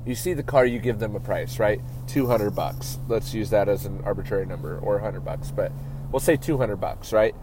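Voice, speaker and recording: There's background noise as this podcast host and auto detailer, with a lowish voice, talks fairly quickly. His business advice is casual and chatty, peppered with "right?" check-ins and frequently restarted sentences.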